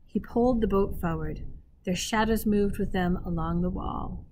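A woman teacher reading a children's novel aloud expressively, pausing to speak directly to her listeners. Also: mid-range voice, slight background noise. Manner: expressive, pauses to talk to listeners.

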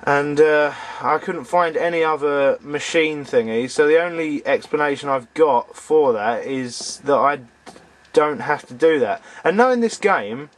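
A man's voice: on the high side, unhurried, slight background noise. A man giving casual, sarcastic commentary while playing a video game. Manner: grumbling, sarcastic, talks to the game characters. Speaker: let's play commentator.

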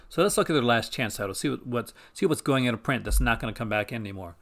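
Male host, mid pitch, casual and rambling, enthusiastic, keeps restarting sentences, home setup. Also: expressive, quick pace, vocal fry, fairly bright tone. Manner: rambling, self-correcting, enthusiastic. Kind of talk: casual chat.

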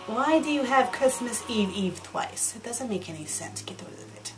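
A woman's voice: fairly high pitch, animated, moderate pace, hardly any pauses, a little hiss or hum. A woman reviewing and reading fanfiction aloud, with sarcastic, exasperated asides.

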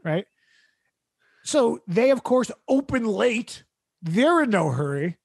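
A man's voice: extremely high pitch, very animated, slow pace, vocal fry, no room sound, studio quality. A man hosting a comedy podcast, telling a rambling, exasperated story with laughs mixed into his sentences.

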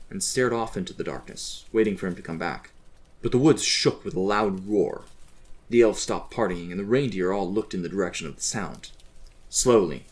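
A man reading a fictional holiday story aloud in an even, gentle storytelling manner. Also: fairly low pitch. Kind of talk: scripted story narration.

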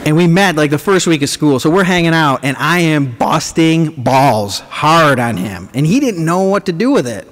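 A man giving a comedic, sarcastic lecture to students as a professor, animated and teasing the audience. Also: a little high, normal speed, few pauses. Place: large lecture auditorium. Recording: echoey hall recording, faint room noise.

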